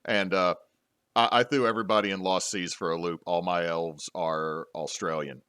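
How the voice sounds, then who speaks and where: Brief: male host, lowish voice, rambling chatty delivery, dry close mic. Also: fairly even intonation, normal speed, sharp tone, smooth, no echo. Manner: rambling, frequent restarts and fillers. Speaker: podcast host and game master. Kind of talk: casual panel discussion.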